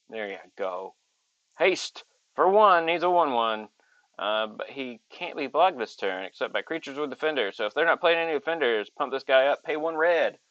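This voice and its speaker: A man hosting a casual card-opening video, chatting and reading card text aloud with excited asides. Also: medium pitch, no room sound. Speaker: channel host. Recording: dull lo-fi audio.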